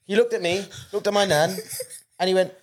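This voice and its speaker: A man telling funny stories in a casual podcast chat, animated and laughing as he goes. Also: sits high, fairly quick. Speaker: podcast guest comedian.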